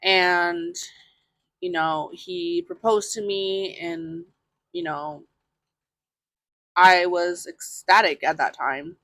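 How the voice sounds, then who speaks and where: A woman's voice: lowish voice, fairly even intonation, very slow, pauses often, a bit bright, no echo. A woman podcast host telling a personal story in a candid, casual way, full of fillers and the odd swear word.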